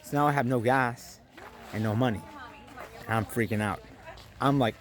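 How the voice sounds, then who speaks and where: A young man vlogging, telling a story with animated delivery and acting out his own lines. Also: mid-range voice, moderate pace, pauses often. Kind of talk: storytelling vlog.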